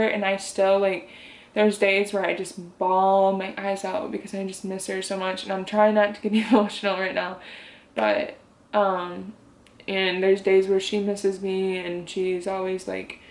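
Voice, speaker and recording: A young woman speaks to her camera in a rambling, heartfelt way, full of fillers. Her pitch stays fairly level, with little rise and fall. The voice carries a noticeable echo from a room at home. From Michigan. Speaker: vlogger. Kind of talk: casual talk to camera. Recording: roomy echo.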